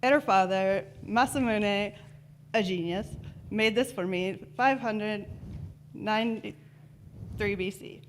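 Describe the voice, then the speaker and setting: A woman's voice: mid-range voice, slow, long pauses, a little hiss or hum, natural voice. A woman voicing a solemn ancient swordsman mentor with a put-on accent, on a convention stage. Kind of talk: reading a film monologue in a put-on voice.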